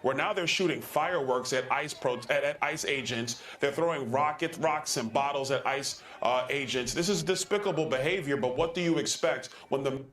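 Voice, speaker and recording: A man's voice: medium pitch, normal speed, hardly any pauses, a bit bright, echoey room, a little hiss or hum. A man being interviewed on a TV news program, speaking in a combative, emphatic way. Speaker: politician interviewed on TV.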